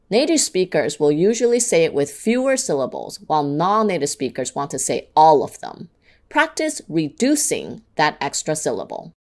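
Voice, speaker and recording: Woman teaching english sounds, lowish voice that jumps around a lot, slow careful example words, faint music behind. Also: huge pitch swings, darkish tone. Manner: clear, deliberate, models words slowly. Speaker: English pronunciation instructor. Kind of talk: scripted instructional narration.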